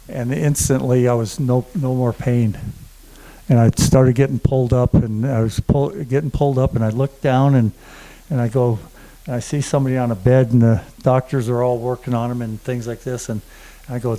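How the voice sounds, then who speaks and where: A man giving a halting personal testimony to a conference audience, full of fillers and restarts. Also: medium pitch, mellow, poor audio. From German family. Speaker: conference speaker. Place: conference room before an audience.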